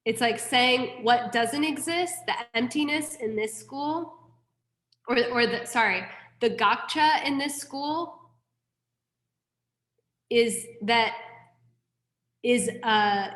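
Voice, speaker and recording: Here the same frank Buddhist teacher speaks slowly, her voice a little high and a bit bright, with a roomy sound. She lectures candidly, dropping the occasional swear word and casual, self-mocking asides.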